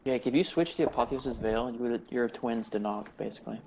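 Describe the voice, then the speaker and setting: Quick gravelly-voiced gamer on headset, ribbing the team. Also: male voice, medium pitch, steady tone, a little mellow, a little hiss or hum, low-quality recording. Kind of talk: casual gaming voice chat.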